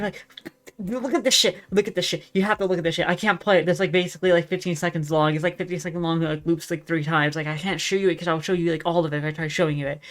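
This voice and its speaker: A young adult streamer chatting casually while drawing, rambling in an excitable, profane way. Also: mid-range voice.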